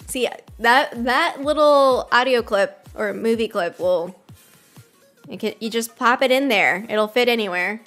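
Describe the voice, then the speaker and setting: A woman's voice: on the high side, a little slow, a bit bright, soft background music. A woman streaming a mobile game live, chatting casually, giggling often and reading game dialogue aloud.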